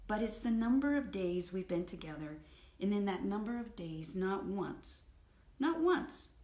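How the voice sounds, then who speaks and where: A woman voicing a calm, patient husband. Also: mid-range voice, a little slow. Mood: calm, reassuring. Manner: steady, reassuring, gently questioning. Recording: roomy echo.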